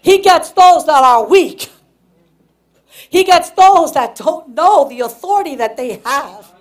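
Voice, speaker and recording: High-voiced, lively woman pastor preaching. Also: slow pace. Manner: animated, laughing, bursts into shouts. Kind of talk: sermon with personal storytelling.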